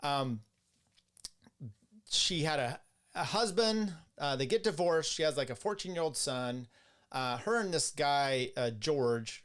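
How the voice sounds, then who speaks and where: A man's voice: mid-range voice, a bit bright, clear, resonant tone. A man hosting a casual solo livestream, rambling with restarts, crude asides and laughs at his own remarks. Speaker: host.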